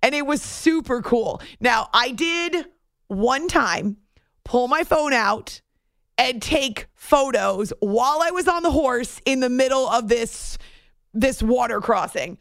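A woman radio host telling a story in a chatty, animated way, laughing easily. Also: high-pitched, slow, dry recording, clean studio sound. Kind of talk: casual storytelling on a radio show.

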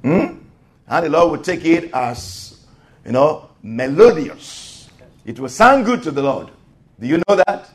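Guy preaching, pretty high voice, gets loud and fired up, keeps saying amen. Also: animated, a little slow. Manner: emphatic, swells to loud exclamations, calls for amen. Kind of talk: sermon.

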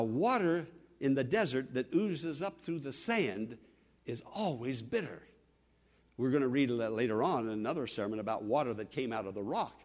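A man preaching a sermon with dramatic, repetitive emphasis, acting out the voices of the people in his story. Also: mid-range voice.

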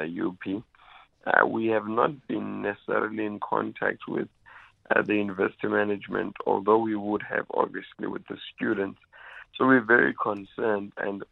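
A young man, a student union spokesperson who is hoarse with flu, speaks deliberately and emphatically, with many pauses. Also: lowish voice, no room sound. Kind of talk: radio interview guest. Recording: tinny phone line.

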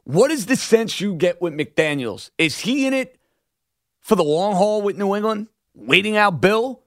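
A man with a thick New York accent hosting a sports radio show, energetic and emotional. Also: high voice, a little slow, no room sound, studio quality. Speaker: radio host.

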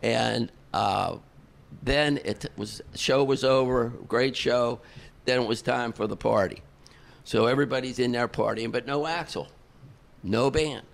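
A man, a concert promoter guest on a podcast, telling an animated story and acting out the dialogue. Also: mid-range voice, a little slow, vocal fry. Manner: animated, chuckles through the story, acts out dialogue.

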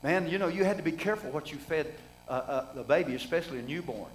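A man's voice: fairly high pitch, animated, quick pace, slight background noise, rough recording. A middle-aged man preaching a sermon in a folksy, conversational way, asking the congregation rhetorical questions.

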